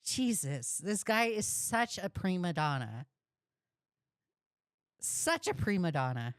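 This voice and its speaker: A woman's voice: lowish voice, big pitch swings, slow pace, no echo, studio quality. A woman giving blunt, profane, heated reaction commentary on a video she is watching. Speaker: reaction streamer.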